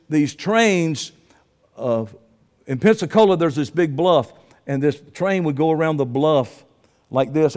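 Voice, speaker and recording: A man preaches in a rambling, impassioned way, at times rising to shouts. His voice sits high for a man. The sound rings with the long reverb of a large hall. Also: clean tone. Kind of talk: sermon.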